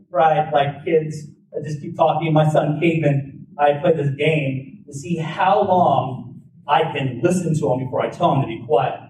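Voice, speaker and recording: A man telling a personal story in a talk, informal, with lots of "like" fillers and restarts. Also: a little high. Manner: informal, many "like" fillers and restarts, lively retelling. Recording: roomy, distant mic, faint background noise.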